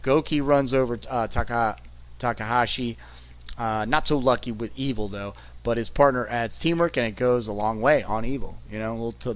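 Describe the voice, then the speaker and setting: A man's voice: mid-range voice, a bit bright. A man giving a casual, rambling recap of wrestling matches, full of fillers, laughs, and frequent "okay?" check-ins. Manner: laughs between points. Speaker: wrestling reviewer.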